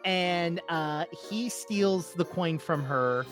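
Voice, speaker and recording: A man's voice: on the high side, takes it slowly, a bit bright, soft background music. A man co-hosting a casual movie review chat, retelling plots with many hesitations. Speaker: co-host, film reviewer.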